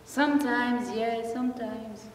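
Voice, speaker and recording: A woman's voice: a little high, fairly even intonation, a little slow, natural voice. A woman playing a sheltered young princess in a school stage play, earnest and somewhat defensive. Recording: echoey hall, far from mic, faint noise.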